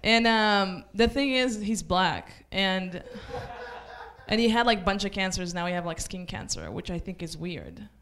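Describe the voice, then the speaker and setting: A woman from Israel with an Israeli accent and Hebrew as her first language, doing a stand-up set at a small comedy club with offhand dark jokes and lots of "like" fillers. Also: medium pitch, animated, unhurried. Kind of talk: open-mic stand-up set.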